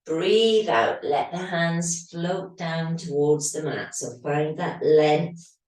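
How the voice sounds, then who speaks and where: A woman teaching yoga in a slow, low voice that is slightly hoarse from losing it. She gives calm, steady breathing cues. The sound is very echoey and comes from some distance off the mic. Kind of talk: guided yoga instruction.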